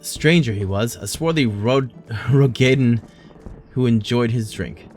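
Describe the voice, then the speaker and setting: A man's voice: medium pitch, a little slow, darkish tone, soft background music, close to an everyday voice. A man voicing a harried, grumbling tavern worker, reading game dialogue aloud with restarts.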